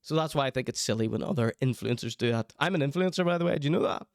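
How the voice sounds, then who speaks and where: A man's voice: medium pitch, expressive, racing, gravelly, no room sound, clean studio sound. A man giving teasing, chatty live-stream commentary on clips. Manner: teasing, chatty, mock-outraged asides.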